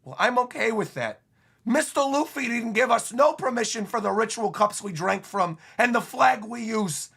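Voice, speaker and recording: Man doing a brash rough pirate captain, remorseful, gravelly, bright. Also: very high-pitched, animated, normal speed, exaggerated voice. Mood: resigned.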